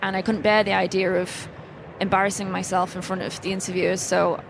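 A woman's voice: mid-range voice, flat delivery, fairly quick, gravelly. A woman, a guest in a casual podcast chat, talking candidly and with self-deprecating humour. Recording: noisy background hiss.

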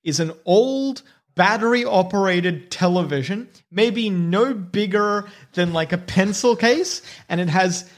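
A man's voice: high-pitched, slow. Man narrating as game master. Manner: relaxed, descriptive storytelling.

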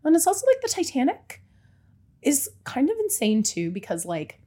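A woman co-hosting a podcast in casual chat, animated and laughing, often trailing off mid-sentence. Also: sits high, moderate pace. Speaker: podcast co-host.

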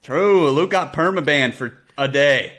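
A man's voice: mid-range voice, moderate pace, fairly bright tone. A young man hosting a casual sports podcast, loose and hyped, swearing freely. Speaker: podcast host.

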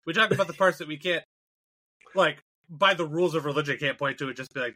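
A man with a bright, slightly high voice riffs on a comedy podcast. His delivery is sarcastic and profane, and he swings into mock voices for laughs. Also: quick pace. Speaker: podcast co-host. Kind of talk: casual comedic chat.

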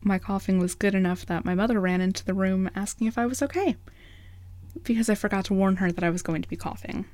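A woman at an ordinary pitch jokes and mocks herself between takes. Her voice is close and dry, with no room sound. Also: fast, a little mellow, dry recording. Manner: joking, self-mocking. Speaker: voice actor in a blooper reel. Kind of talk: outtakes chatter.

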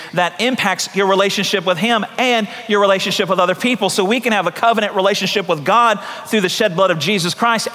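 A man's voice: high voice, bright, forceful tone, big-room sound. A man preaching a sermon as pastor, talking in a conversational way with repeated phrases and acted-out voices.

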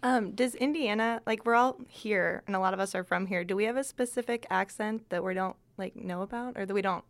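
A woman's voice: medium pitch, a little fast, few pauses. A woman interviewing an accent coach, asking curious questions hesitantly.

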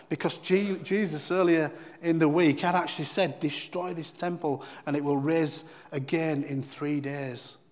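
A man's voice: fairly high pitch, long reverb tail. A man giving a devotional Bible teaching in an earnest, emphatic way, often repeating key phrases.

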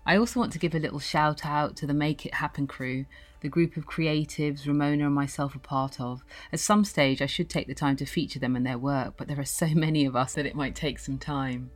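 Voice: mid-range voice, steady tone, a little fast, soft background music. A podcast host thanking a guest and then reading the show's outro to listeners. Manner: encouraging, affirming listener with frequent "mm-hmm".

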